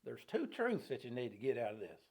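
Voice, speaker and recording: A man's voice: medium pitch, huge pitch swings, brisk, gravelly, darkish tone, husky. A middle-aged man, a pastor, teaching a Bible study in a folksy, homespun way of talking. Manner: folksy, homespun plain talk.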